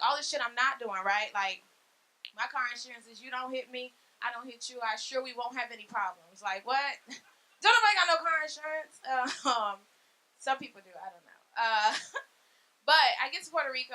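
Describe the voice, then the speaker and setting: A woman in her thirties doing a stand-up comedy set on a club stage, brash and profane with loud punchlines. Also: fairly high pitch, normal speed, pauses often. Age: 30s. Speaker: stand-up comic.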